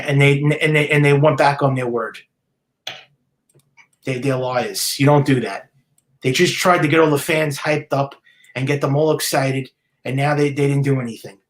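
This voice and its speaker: A man hosting a solo sports podcast, ranting in a heated, indignant way, repeating himself and stumbling over restarts. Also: a little high. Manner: heated, repetitive, stammering restarts; indignant, scolding. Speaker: podcast host.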